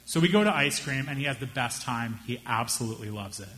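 A young man doing stand-up storytelling, animated and acting out the people in his story with raised voices. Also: medium pitch, quick pace. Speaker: stand-up comedian.

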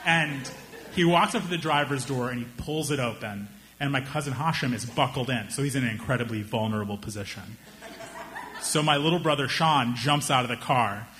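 A young man doing stand-up, telling a story in an animated way and slipping into the voices of the people in it. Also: mid-range voice, a little fast. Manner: animated, acts out voices of friends and strangers. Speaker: stand-up comedian.

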